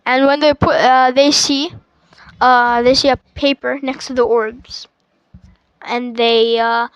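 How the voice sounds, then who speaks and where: Woman reviewer, unhurried casual plot recap, trips over words often. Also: on the high side, flat delivery, clear, resonant tone, no echo, highs cut off. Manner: stuttering, restarts, filler-heavy. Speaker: movie reviewer.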